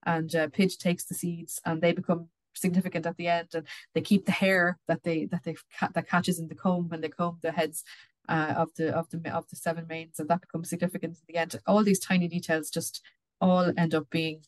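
A woman's voice: fairly low pitch, little pitch movement, fairly quick, no room sound. A woman co-hosting a book podcast, talking casually with lots of restarts and repeated words. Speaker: podcast co-host. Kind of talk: casual book discussion with read-aloud passages.

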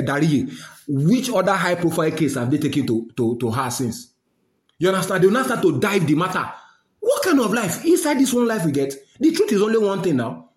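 A fired-up Nigerian man scolding and railing, his voice sitting high. He drops into Pidgin now and then. It sounds like an echoey room. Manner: indignant, scolding, mixes Pidgin phrases. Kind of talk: angry political rant.

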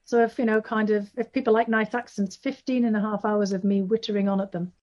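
A woman's voice: mid-range voice, level tone, brisk, a little mellow, highs cut off, faint music behind. A woman with a Northeast English accent, an author answering interview questions at length, with many fillers and restarts. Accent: Northeast England. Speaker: author guest.

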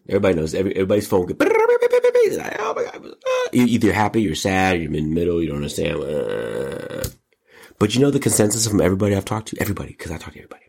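Male comedy host, low husky voice, very lively and slangy. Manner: animated, joking, slangy, breaks into high mock voices. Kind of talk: comedic commentary show.

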